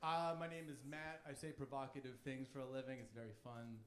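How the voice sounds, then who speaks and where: A man's voice: medium pitch, fast, slight background noise. A man in his thirties doing a stand-up routine on a comedy club stage, cocky, provocative and crude. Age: 30s. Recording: echoey club room.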